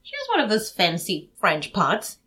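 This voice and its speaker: A woman's voice: medium pitch, wildly swooping pitch, normal speed, bright, forceful tone, slightly rough. A woman chatting casually while watching a film, wryly describing what happens on screen. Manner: wry, narrates the on-screen action. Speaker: movie watch-along co-host.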